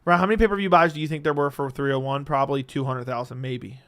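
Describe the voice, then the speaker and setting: A man with a medium-pitched, steady, slightly bright and smooth voice talks fast as he hosts a casual livestream from home. Laid-back and swearing freely, he reads viewer messages into a studio dynamic mic.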